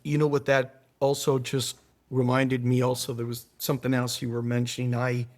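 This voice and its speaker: A man's voice: mid-range voice, completely flat delivery, moderate pace, a little mellow. A man who is a guest on a podcast, telling folksy stories and acting out the voices in them. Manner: folksy storyteller, acts out voices in his anecdotes. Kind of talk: casual interview storytelling.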